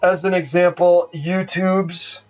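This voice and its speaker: A man in his forties rants with profane sarcasm at an unhurried pace. He sits a little off the microphone, with faint music playing underneath. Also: sits high, little pitch movement. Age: 40s. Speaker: streamer. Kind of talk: casual ranting stream commentary. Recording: distant mic with faint music.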